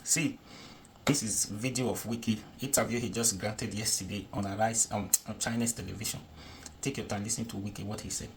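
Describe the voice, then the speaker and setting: A man's voice: on the low side, fairly even intonation, brisk, slight background noise. A Nigerian man giving casual political commentary on a video, chatty and repetitive, often checking that the viewer understands.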